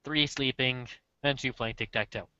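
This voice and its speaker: A man's voice: medium pitch, fairly even intonation, normal speed, sharp tone, smooth, no room sound. A man running a tabletop role-play as game master, narrating casually with playful asides. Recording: muffled dry lo-fi recording.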